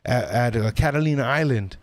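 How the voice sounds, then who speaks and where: A man's voice: medium pitch, fairly quick, no echo. A man telling a story on a podcast in a casual, rambling way, swearing a lot and acting out what people said. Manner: profane, rambling, animated quoting. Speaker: podcast guest.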